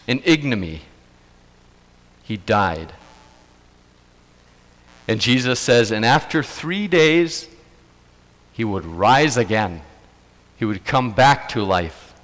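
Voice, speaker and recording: A man's voice: medium pitch, a bit bright, long reverb tail. A man preaching a sermon, retelling events earnestly and emphatically, repeating key phrases for weight.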